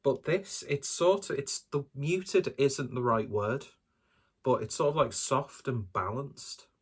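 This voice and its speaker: A man's voice: medium pitch, slow, breathy edge. A man doing a casual solo beer review, talking in a rambling, hesitant and self-deprecating way.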